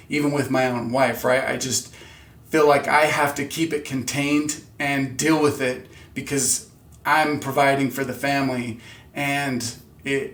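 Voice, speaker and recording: A man's voice: mid-range voice, fairly bright tone. A man in his thirties hosting a motivational vlog, talking candidly and earnestly about pushing through setbacks. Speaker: channel host. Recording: roomy echo.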